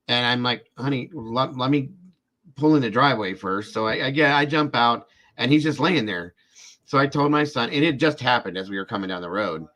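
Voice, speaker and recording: Hosting a live true-crime show, a man with a medium-pitched, sharp voice tells a long personal story. He rambles casually, repeats himself, and speaks directly to viewers in chat.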